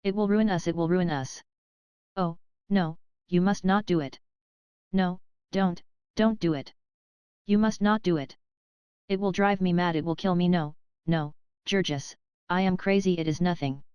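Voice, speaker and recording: Brief: desperate young wife, read by a woman, frantic broken pleading, very clear and dry. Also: fairly low pitch, steady tone, unhurried, darkish tone, no room sound, highs cut off, lightly acted.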